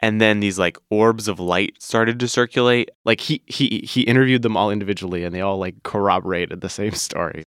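A man retells a strange story on a podcast, relaxed and chatty. His voice is low and smooth. The sound is dry and close. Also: fairly quick, few pauses, dry recording. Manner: relaxed, chatty, laughs often. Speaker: podcast host. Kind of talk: casual storytelling chat.

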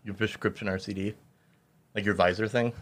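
A man's voice: on the low side, steady tone, brisk. A man running a tabletop role-playing game as game master, narrating the action with frequent laughter and rambling restarts.

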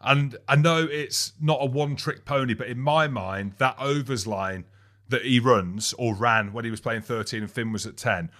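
This young man co-hosts a casual sports chat and rambles along with plenty of energy. He laughs between words and his voice sits at an ordinary mid pitch. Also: normal speed, a bit bright. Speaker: podcast co-host and rugby commentator.

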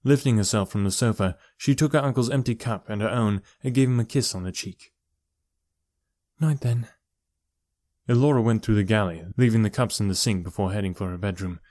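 A man narrating an audiobook novel in a steady, even storytelling manner. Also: fairly low pitch, quick pace, few pauses, no echo, studio quality. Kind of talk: scripted narration.

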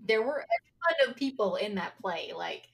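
A woman's voice: medium pitch, very animated, normal speed, vocal fry. A woman co-hosting a podcast in casual chat, wry and often restarting her phrases. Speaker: podcast co-host.

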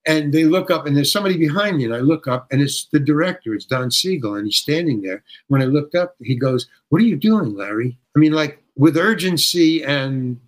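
An older man tells a story with real showmanship, acting out the other characters as he goes. His voice sits a little higher than most men's. He often stumbles and restarts mid-sentence, but keeps the tale rolling. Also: brisk, hardly any pauses, poor audio. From United States. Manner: lively storyteller who acts out quoted voices, with frequent restarts. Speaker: guest actor telling stories. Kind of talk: animated anecdote telling.

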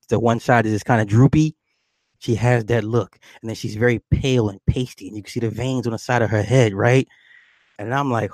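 Man, casual movie recap, animated, jumps into character voices, mid-pitched, dry sound. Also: no room sound. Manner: animated storytelling, laughs often, acts out characters; swears casually, addresses listener with "right?".

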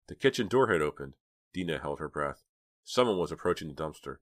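A man narrating a novel in a steady, even storytelling manner. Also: rumbling low, fairly quick. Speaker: audiobook narrator. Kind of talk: scripted narration.

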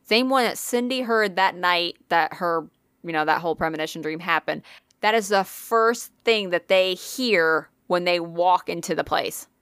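A woman's voice: fairly low pitch, normal speed, fairly bright tone, clear, resonant tone, dry recording, studio quality. A woman co-hosting a podcast, telling a ghost story in casual chat, swearing freely and using lots of fillers.

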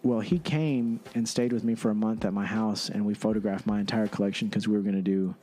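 A man in his thirties from Texas telling animated stories in casual chat, swearing freely. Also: on the low side, fairly quick. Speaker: podcast guest.

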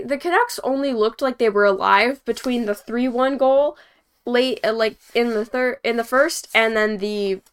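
A woman's voice: on the high side, fairly bright tone, smooth. A young woman hosting a hockey post-game show, talking casually and rambling with lots of fillers and chuckles. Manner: rambling, filler-heavy, chuckles between points. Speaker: hockey podcast host.

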